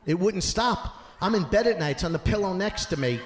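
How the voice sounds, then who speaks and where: A man doing a stand-up comedy set on a theater stage, acting out characters and shouting his punchlines. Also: sits high, lively intonation, a little fast. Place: theater stage before a live audience. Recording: roomy hall sound with audience noise. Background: audience laughter.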